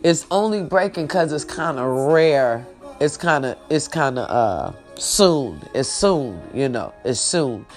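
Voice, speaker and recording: A woman's voice: a bass voice, lively intonation, slow, soft background music. A woman in a casual, heartfelt livestream talk. She speaks straight to her viewers, repeats herself, and fights back tears while praising God and her family. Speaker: online show host.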